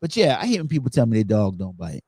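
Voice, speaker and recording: A man hosting a podcast, telling stories in a lively way and acting out the quotes. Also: fairly low pitch, fast, husky, no echo, studio quality. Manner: animated storytelling, acts out quotes. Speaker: podcast host. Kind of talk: casual chat.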